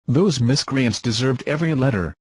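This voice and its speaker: A man's voice: medium pitch, moderate pace, a little mellow, slightly rough, no room sound. A man reading scornful, dismissive commentary in formal wording. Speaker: commentator being rebutted. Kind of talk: scripted insult commentary.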